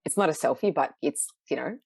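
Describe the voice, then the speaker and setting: A woman's voice: low-pitched, expressive, a little fast, vocal fry, a little mellow, husky, no room sound. A middle-aged woman speaking as a podcast guest, candid and reflective, laughing often as she talks. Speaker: podcast guest, researcher and photographer. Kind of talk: casual conversational interview.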